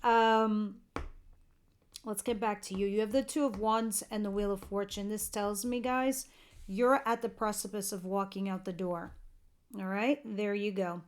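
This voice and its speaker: A woman's voice: medium pitch, steady tone, unhurried, smooth. A woman giving a tarot reading to camera, chatty and earnest, talking straight to her viewers, a bit tired and yawning. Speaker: tarot reader.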